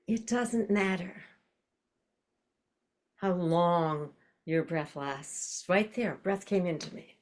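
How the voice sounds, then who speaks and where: An older woman teaches an online voice class in a low, grounded voice. She explains breath and posture reflectively and breaks into tongue-twisters and nonsense syllables to demonstrate. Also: takes it slowly, long pauses.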